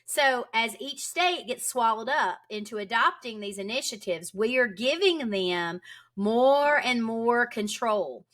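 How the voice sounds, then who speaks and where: A woman's voice: a little high, animated, measured pace, a bit bright. A woman homeschool advocate from Tennessee, talking urgently and emphatically as a guest in a podcast interview. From Tennessee, United States.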